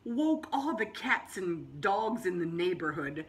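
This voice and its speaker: A woman teacher reading a picture book aloud to children, explaining words as she goes, with drawn-out storybook phrasing and sudden high exclamations. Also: big pitch swings.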